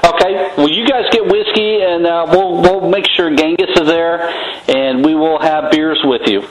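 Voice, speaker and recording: Guy radio host, rambly laid-back chat, kinda high voice, roomy echo. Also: fairly even intonation, moderate pace. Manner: easygoing, rambling with fillers. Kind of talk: casual interview chat.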